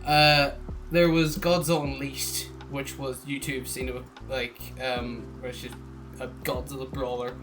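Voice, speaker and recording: A man's voice: medium pitch, flat delivery, measured pace, over music. A young man, rambling and chuckling as a podcast co-host in casual chat, often trailing off.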